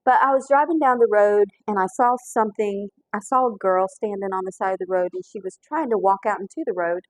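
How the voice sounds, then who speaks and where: A woman's voice: medium pitch, brisk, no room sound, poor audio. Earnest woman telling stories. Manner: earnest, folksy, with frequent restarts and fillers. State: holding back tears. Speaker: pastor and cooking show host. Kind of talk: heartfelt storytelling while cooking.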